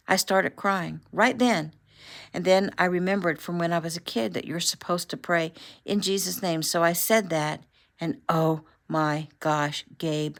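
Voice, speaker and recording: A woman voicing an excitable, emotional woman journalist who squeals and gushes as she talks. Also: on the low side.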